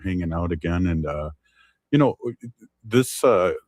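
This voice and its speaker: A man hosting a radio talk show, speaking in a relaxed, hesitant way with frequent fillers. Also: deep voice, unhurried, no room sound. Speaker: radio host. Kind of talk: casual chat.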